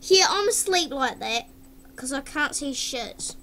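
Giggly high-voiced woman on webcam. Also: lively intonation, measured pace, bright, forceful tone. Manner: giggly, exclaims often, hums and sings along. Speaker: vlogger. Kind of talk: casual webcam chatter.

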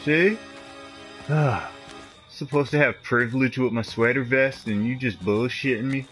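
A man's voice: mid-range voice, measured pace, soft background music, poor audio. A man streaming a game, trash-talking in loose, profane commentary. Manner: profane, animated trash talk. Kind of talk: live gameplay commentary.

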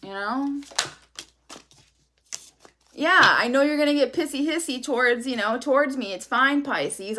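A woman's voice: high voice, unhurried, long pauses, bright, forceful tone. A woman giving a casual tarot reading, talking bluntly with lots of swearing and a sassy edge. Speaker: tarot reader.

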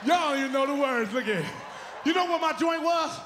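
A man doing stand-up comedy, loud and animated, breaking into song and freestyle rhymes. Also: very high voice, brisk, very noisy. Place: large comedy venue stage. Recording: echoey live hall with music and crowd. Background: audience laughter and music.

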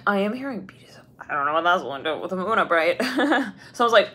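A woman giving a casual tarot reading, rambling with many fillers and laughs, and acting out quoted voices with big jumps in pitch. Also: expressive, normal speed, fairly bright tone. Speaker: tarot reader.

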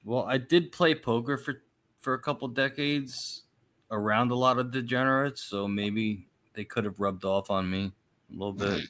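A man joking crudely as a guest on a casual stream chat, deadpan and teasing. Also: mid-range voice, normal speed.

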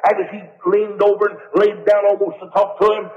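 High-voiced fervent evangelist. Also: male voice, level tone, fairly quick. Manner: fervent, builds to shouting. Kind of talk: revival sermon storytelling. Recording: dull old sermon tape in a reverberant hall.

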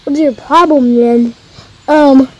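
A woman's voice: high voice, steady tone, slow, darkish tone, muffled recording. A woman voicing a whiny young boy who yelps and cries out in pain. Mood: panicky. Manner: yelping, shrieky cries of pain.

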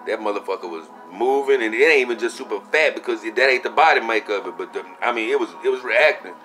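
A young man casually telling a story for his vlog, animated and profane, acting out what he said at the time. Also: mid-range voice, fast, soft background music. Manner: animated, profane, acts out his own quotes. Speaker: vlogger.

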